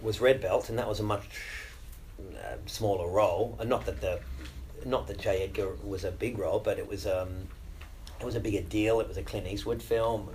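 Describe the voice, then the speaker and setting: A middle-aged Australian man with a fairly low voice chats easily in an interview, full of ums and restarts and quick to poke fun at himself. Faint noise sits under the recording. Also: fairly even intonation, a little mellow, low-quality recording. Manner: chatty, self-deprecating, with many fillers and restarts. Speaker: actor. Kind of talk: casual interview talk.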